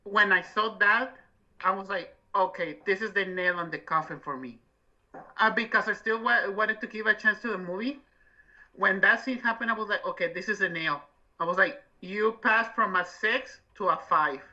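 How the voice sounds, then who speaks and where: A co-host talking casually about movies, telling lively stories about family reactions. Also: mid-range voice, normal speed. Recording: muffled lo-fi sound.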